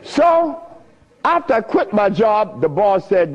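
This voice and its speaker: A man telling stories in an animated talk, chuckling often and speaking with preacher-like emphasis. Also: high voice, slow, big-room sound. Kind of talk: animated storytelling lecture. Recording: dull lo-fi recording.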